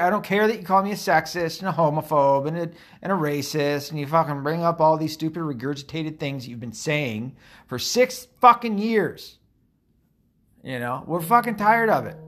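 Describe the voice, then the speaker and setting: A man's voice: fairly high pitch, fairly bright tone. A man giving casual political commentary, profane and sarcastic, rambling with lots of fillers.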